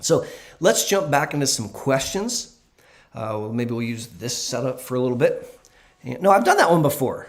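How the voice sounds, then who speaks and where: A man speaking as a doctor during a relaxed livestream Q&A. He answers viewers in an earnest, emphatic way, leaning hard on the points that matter. His talk is loose and unscripted, full of ums and small restarts. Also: medium pitch, normal speed. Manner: earnest and emphatic, with frequent fillers. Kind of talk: casual livestream Q&A.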